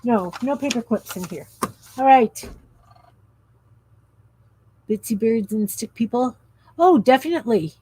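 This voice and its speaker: A woman's voice: fairly high pitch, slow pace, long pauses, warm tone, a little hiss or hum. A woman in her fifties hosting a craft livestream, chatting casually in a rambling, easily sidetracked way. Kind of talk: casual chat while crafting.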